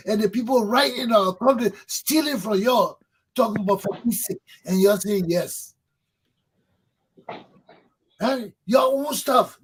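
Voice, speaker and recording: Guy on his talk show going off, high husky voice, preachy and swearing a lot. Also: low-quality recording. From Liberia. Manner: fervent, preaching, repeats for emphasis, swears. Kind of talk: impassioned political monologue.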